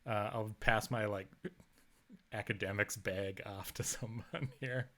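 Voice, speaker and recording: A man's voice: fairly low pitch, fairly even intonation, a little slow, sharp tone. A young adult man playing a tabletop game, rambling and chuckling as he plans his move. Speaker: player. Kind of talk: casual tabletop game talk.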